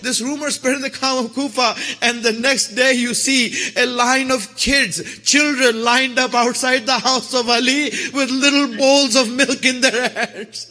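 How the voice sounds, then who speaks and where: A man's voice: very high voice, steady tone, a little slow, hardly any pauses, pushed and bright. A male preacher telling a story in a sermon, earnest and repetitive, voicing the figures. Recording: echoey hall.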